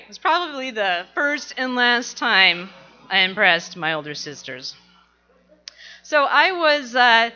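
Bright-voiced woman telling a funny story. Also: on the high side, highs cut off. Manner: animated, laughing as she tells it. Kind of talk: telling a personal story to an audience.

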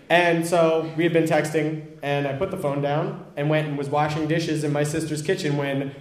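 A man's voice: on the high side, reverberant. A young man candidly telling a self-deprecating personal story, acting out what people said.

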